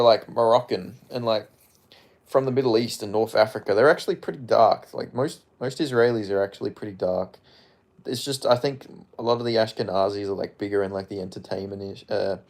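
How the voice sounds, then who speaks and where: A man streaming casually, rambling and swearing as he reads out viewer comments. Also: medium pitch. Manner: rambling, frequent profanity, offhand. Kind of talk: casual livestream chat, reading comments aloud.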